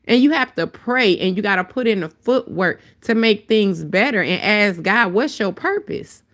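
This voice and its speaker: A woman with a deep voice and a dry throat, talking bluntly and heatedly in a casual livestream chat on her phone. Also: moderate pace, fairly bright tone. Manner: blunt, profane, heated storytelling. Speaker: livestream host.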